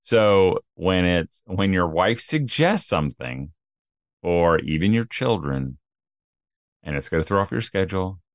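A middle-aged man talks casually on a podcast in a low voice, recorded close and dry. He rambles through stories and acts out the people in them. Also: very animated, measured pace, no room sound. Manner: rambling storyteller, acts out quotes. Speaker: podcast co-host. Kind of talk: casual chat.

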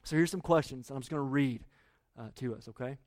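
A male pastor preaching a sermon in a conversational way, full of rhetorical questions and swinging between loud pleas and quiet asides. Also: mid-range voice, fast, no room sound, clean studio sound.

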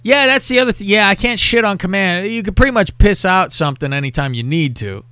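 A man's voice: high-pitched, quick pace, clear, resonant tone, no echo. A man hosting a podcast, telling a crude story with lots of swearing and acting out what people said. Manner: profane, animated, acts out quotes. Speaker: podcast host.

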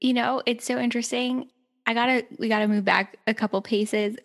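A woman's voice: a little high, steady tone, fairly quick. Upbeat, chatty woman podcast host. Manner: upbeat, laughs often, chatty. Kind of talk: casual podcast chat.

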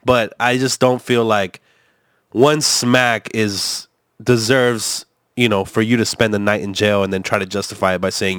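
A man's voice: on the low side, steady tone, unhurried, fairly bright tone, smooth, no echo, studio quality. A man rambling through a casual podcast chat, swearing often and restarting his sentences with lots of fillers. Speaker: co-host reacting to a video.

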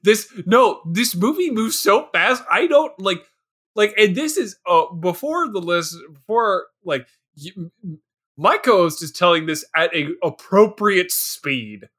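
A man's voice: sits high, animated, a little slow, a bit bright, slightly rough. A man co-hosting a podcast, riffing on a bad movie in casual chat with exasperated, laughing outbursts. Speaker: podcast co-host. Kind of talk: casual comedic movie riff.

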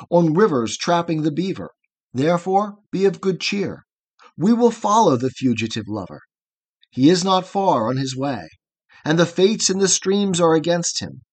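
A hearty older herdsman from a storybook poem, blithe and fatherly as he comforts a young woman, read by a man narrating. The voice sits a little high for a man, and the verse carries a rolling, measured beat. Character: hearty older male herdsman, cheerful and reassuring.

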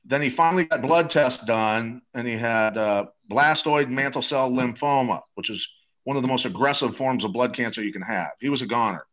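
Guy pitching stuff in an interview, rambly and eager, mid-pitched voice, kinda muffled lo-fi sound. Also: normal speed, a bit bright. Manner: eager, rambling, salesy, many restarts. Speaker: guest promoting a supplement. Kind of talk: casual interview talk.

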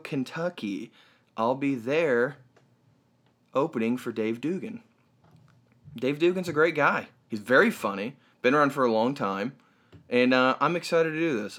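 A man's voice: medium pitch, fairly bright tone. A man hosting a comedy podcast, chatting casually in a playful, teasing and rambling way.

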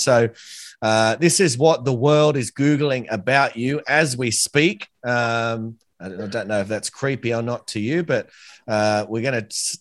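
An Australian man hosting a podcast, chatting casually and warmly with a guest, calling him mate and laughing easily. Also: medium pitch, no room sound, studio quality. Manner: friendly, says "mate" often, laughs easily. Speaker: podcast host. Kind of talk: casual interview chat.

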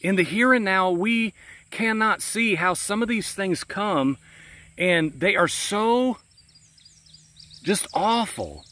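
Man preaching outside, earnest and pastoral, lively swooping pitch, a bit high, crickets chirping behind. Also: slow pace, pauses often. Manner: earnest, pastoral, repeats 'friend' often. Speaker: Christian podcast host. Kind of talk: spontaneous outdoor devotional talk. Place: outdoors in a pasture.

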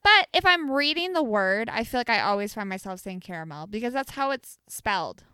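A young woman co-hosting a casual chat show, giving animated, opinionated takes on food habits. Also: fairly high pitch, fairly quick, clean tone, no echo, studio quality. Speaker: podcast co-host.

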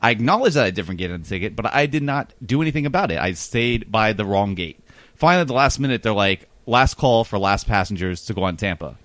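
Fast-talking man telling a rambling story. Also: lowish voice, lively intonation, fairly bright tone, dry recording. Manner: rambling, self-deprecating, quick anecdotal delivery. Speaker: podcast host telling a story. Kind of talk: casual storytelling.

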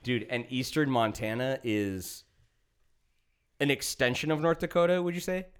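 A man's voice: mid-range voice, normal speed, clear, resonant tone. Male podcast host in his thirties, casual and profane storyteller. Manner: profane, animated, acts out quotes.

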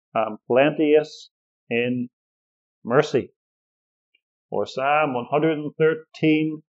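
A man preaching a sermon as pastor, measured and emphatic, leaning on repeated phrases. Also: on the high side, a little mellow. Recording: dull lo-fi recording.

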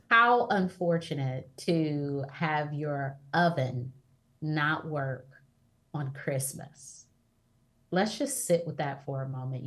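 Female author guest, low-leaning voice, calm reflective advisor. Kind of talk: conversational interview advice.

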